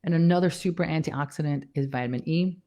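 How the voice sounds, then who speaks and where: She talks fast in a deep, warm voice. The woman, a nurse practitioner, gives a casual talk on health, emphatic and repetitive about key points, and she's a bit out of breath.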